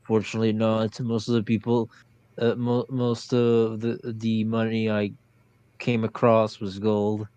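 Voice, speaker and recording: A man's voice: on the low side, monotone, measured pace, warm tone, smooth, dry recording. Hesitant man playing a tabletop game. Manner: hesitant, thinking aloud with restarts. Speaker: player.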